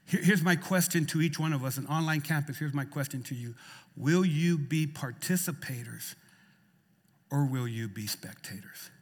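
A man's voice: a little high, moderate pace, slightly rough. Impassioned preacher man in a reverberant hall. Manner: impassioned preaching, repeats phrases, swings loud and soft. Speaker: pastor. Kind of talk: sermon. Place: church sanctuary.

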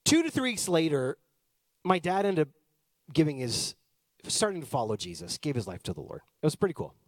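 A man in his thirties from Canada, a pastor telling a personal story in a chatty, animated sermon style. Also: a little high, a little fast, no echo, clean studio sound.

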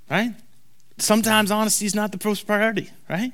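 A man preaching a sermon to a congregation. He talks emphatically and repeats key lines slowly for weight. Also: high-pitched, fairly even intonation, fairly bright tone. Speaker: pastor. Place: church hall before a congregation.

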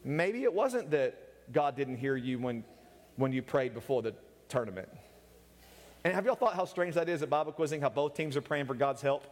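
A man's voice: mid-range voice, expressive, moderate pace. A man preaching a humorous sermon, joking and teasing his listeners and laughing often as he goes. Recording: echoey hall with long reverb.

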